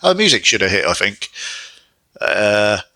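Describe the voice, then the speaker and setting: A young man giving a casual solo wrestling review, chatty and animated with exasperated asides. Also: lowish voice, measured pace, dry recording.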